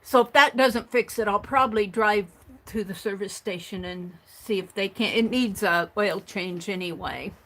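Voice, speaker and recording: A woman's medium-pitched, somewhat bright voice at ordinary speed carries a casual crafting livestream. She reads viewers' comments aloud and talks to herself, with lots of restarts, fillers, and easy laughter.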